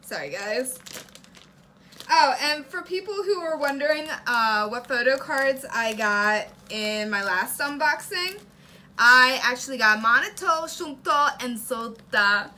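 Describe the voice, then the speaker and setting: Young woman vlogger, high and bouncy, unhurried chat broken by excited gasps and squeals. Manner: gasping, squealing with excitement, breathy asides. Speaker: reaction video host.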